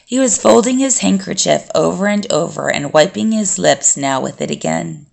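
A woman narrating an audiobook in a slow, unhurried reading. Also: lowish voice, expressive, creaky, darkish tone.

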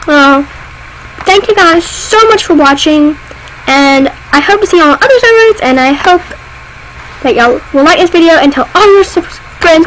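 A woman's voice: extremely high pitch, a bit bright, a little hiss or hum, rough recording. A woman hosting a casual gaming video, bubbly and rambling, saying y'all a lot. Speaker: channel host.

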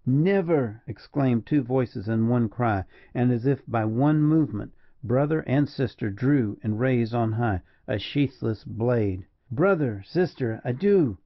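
A man giving a measured, dramatic audiobook narration. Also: mid-range voice, muffled recording. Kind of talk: scripted narration.

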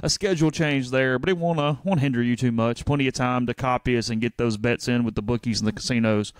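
Clear-voiced man co-hosting a sports podcast. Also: medium pitch, steady tone, no room sound. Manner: brisk, plugs site content in a run-on way. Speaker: podcast co-host. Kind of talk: casual sports podcast chat.

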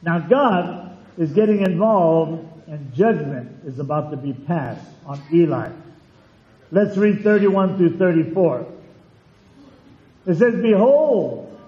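A man's voice: on the high side, slow, pauses often, reverberant, lo-fi sound. A man preaching a sermon as pastor in his church, emphatic and repeating phrases for weight.

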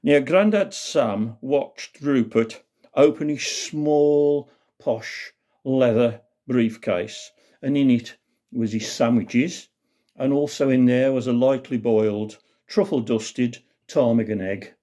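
A man's voice: mid-range voice, slow, dark tone. A man with a Black Country accent telling a comic tale in a folksy, dialect-rich way. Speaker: storyteller. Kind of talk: comic storytelling.

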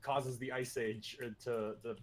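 A man chatting casually with friends while playing an online game, animated and quick to laugh and protest. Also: mid-range voice, a loud crowd. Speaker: streamer playing a battle royale game. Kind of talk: casual gaming chat.

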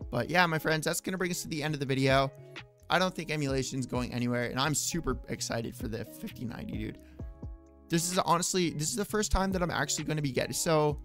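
A young man hosting a casual tech news vlog, chatty and slangy, saying dude and bro and laughing at his own jokes. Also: medium pitch. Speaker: tech channel host.

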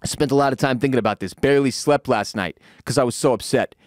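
A man rants on a sports podcast, profane and heated, jumping to shouted peaks before sinking back into a low, weary grumble. His voice sits mid-pitch, and the room is dry and close around him. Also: fast, no room sound. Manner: drops to low, weary tone when calming down. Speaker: podcast host. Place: home room with dogs.

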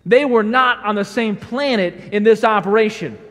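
A man's voice: sits high, normal speed, fairly bright tone. A man preaching a sermon as a pastor, emphatic, acting out the people he quotes. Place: church sanctuary. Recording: reverberant church sanctuary.

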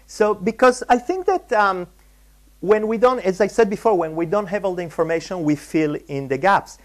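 A man's voice: sits high, lively intonation, normal speed. A man from Israel lecturing at a conference, hesitant, with many ums and restarts. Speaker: guest lecturer, artist. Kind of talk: conference talk on caricature. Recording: live lecture hall talk.

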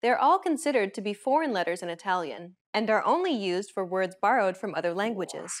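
A woman's voice: medium pitch, expressive. Woman hosting a scripted language lesson. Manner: clear, measured explaining tone.

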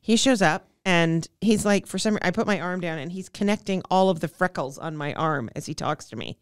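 Animated witty woman comedian guest. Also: lowish voice, clean tone, dry recording, studio quality. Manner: animated, quick-witted storyteller. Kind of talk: comedic casual chat.

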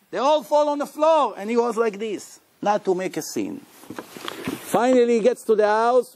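A man telling a religious story in a sermon, animated, chuckling often and acting out the quotes. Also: high-pitched, no room sound.

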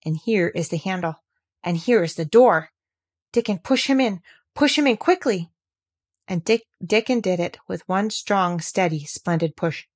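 A woman reading a classic novel aloud as narrator, with gentle, expressive storytelling. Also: medium pitch. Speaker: audiobook reader.

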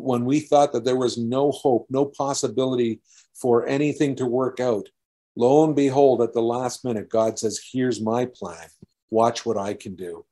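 A middle-aged man from Canada preaches, recounting a personal story of faith to his congregation. His voice is mellow and dark, sitting in an ordinary middle pitch. He talks earnestly, often restarting his words as he goes. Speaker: pastor. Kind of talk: testimony sermon.

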